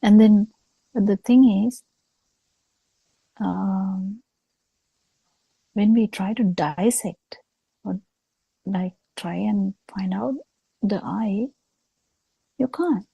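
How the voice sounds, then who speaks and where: A woman giving a slow, halting dharma talk over a video call, pausing often as she explains. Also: medium pitch, creaky, dark tone, slightly rough, no echo, poor audio. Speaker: Buddhist teacher.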